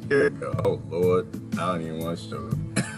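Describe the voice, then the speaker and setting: A man's voice: low-pitched, fairly even intonation, fairly quick, over loud music. A man giving rambling, mocking reaction commentary, laughing often.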